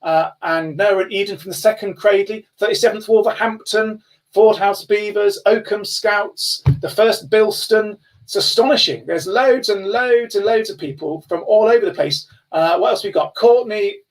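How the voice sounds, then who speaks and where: A man on a video call, enthusiastically reading out names as a guest speaker. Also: sits high. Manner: enthusiastic, reads out names in quick bursts. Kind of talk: upbeat live-stream shout-outs. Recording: distant, thin video-call audio.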